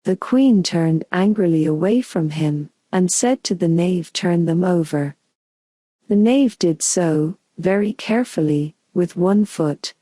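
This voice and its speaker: A woman narrating a bedtime storybook in a calm, soothing, unhurried way. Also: fairly low pitch, dry recording. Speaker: audiobook narrator.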